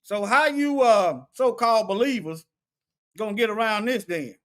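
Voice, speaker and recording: A high-pitched, rather bright male voice moves at a moderate pace with plenty of expression as he runs a relaxed Bible study. Looking up terms in a lexicon, he thinks aloud in plain speech, repeating and restarting his phrases.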